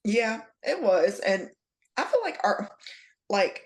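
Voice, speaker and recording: A woman, telling a story on a podcast, animated and full of swearing. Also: mid-range voice, slow. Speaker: podcast co-host. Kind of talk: casual chat.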